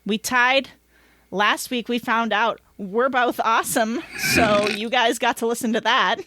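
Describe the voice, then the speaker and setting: A woman co-hosting a podcast in casual, rambling chat, quick to laugh. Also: on the high side, bright, forceful tone. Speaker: podcast co-host.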